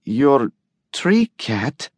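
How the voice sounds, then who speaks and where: A man's voice: medium pitch, lively intonation, husky, no echo, heavily acted. A man voicing a worried pregnant woman. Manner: uncertain, soft and slow. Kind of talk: audiobook character voice.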